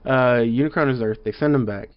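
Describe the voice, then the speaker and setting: A man's voice: mid-range voice, fairly quick, clear, resonant tone. A man casually reviewing a movie at home, rambling with lots of fillers and growing exasperated. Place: home room. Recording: slightly dull lo-fi audio.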